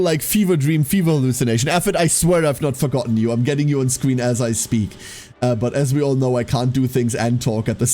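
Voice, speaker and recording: A man's voice: mid-range voice, darkish tone. A man live streaming who tells a rambling story to his chat and swears freely.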